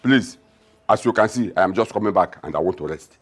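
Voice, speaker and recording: A man's voice: deep voice, animated, a little fast, husky. A scornful Nigerian father. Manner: mocking, loud, repetitive. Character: scornful middle-aged father, blunt and mocking.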